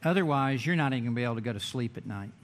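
A man preaching a sermon in a church, emphatic, with dramatic pauses and drawn-out words. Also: medium pitch, lively intonation, slight background noise. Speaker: pastor.

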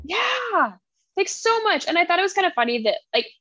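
High-pitched animated woman, dry lo-fi sound. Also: a little fast, no room sound. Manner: animated, acts out character dialogue. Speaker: podcast co-host. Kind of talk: casual book chat.

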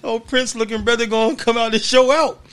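A Californian podcast host tells stories in casual slang, laughing along and repeatedly saying "you know what I'm saying." His voice is very high and a bit bright, fairly quick, with fairly even intonation.

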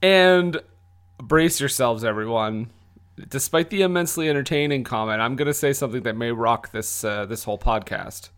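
A man in his thirties hosts a casual podcast, joking around and laughing easily. His voice sits at an ordinary middle pitch, with a relaxed, chatty delivery. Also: normal speed, smooth. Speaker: podcast host.

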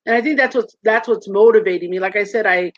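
A woman's voice: medium pitch, quick pace, dry recording. A woman in her thirties, a guest in a candid interview, talking earnestly and animatedly and acting out voices in her stories. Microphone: video call. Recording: dull muffled lo-fi sound.

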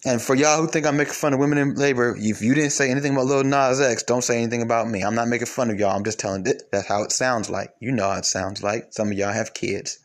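A man giving a preachy monologue to his viewers, emphatic, swinging between loud and low. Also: fairly even intonation, fast talker, hardly any pauses.

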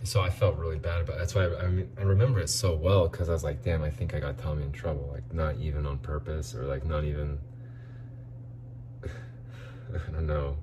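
A man with a very low voice telling a long personal story in loose, casual chat. He rambles, swears freely and acts out what others said. Faint noise sits under the recording. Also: little pitch movement, moderate pace, long pauses.

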